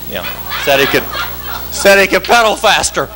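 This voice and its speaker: A man doing a stand-up comedy routine on a club stage, wired and chanting words in rapid-fire repetition. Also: high voice, sing-song, over music, low-quality recording. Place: club stage with live audience.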